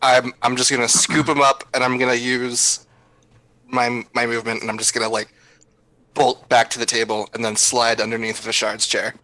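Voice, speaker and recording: Player at a tabletop game, bit hesitant, bright tone. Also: mid-range voice, flat delivery, moderate pace, rough recording.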